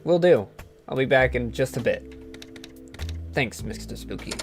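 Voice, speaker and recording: A friendly office secretary, as a man reads her lines in his own plain voice at a middling pitch. Game music plays faintly underneath. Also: expressive, measured pace, natural voice. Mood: polite.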